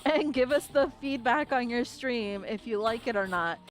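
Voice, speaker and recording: A woman's voice: fairly high pitch, moderate pace, faint music behind. A woman streaming a cozy game, chatting casually, often squealing and laughing. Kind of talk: casual gaming stream chat.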